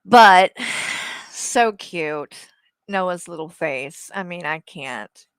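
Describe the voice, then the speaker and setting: A woman with a drawl chats at a slow, easy pace, switching between baby talk for her dog and casual cursing. Her voice sits close to the mic in a dry, dead-sounding room. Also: on the low side, expressive, smooth, no echo. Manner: chatty, swearing, cooing over her dog. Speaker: co-host of a streaming show. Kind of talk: casual chat on a livestream.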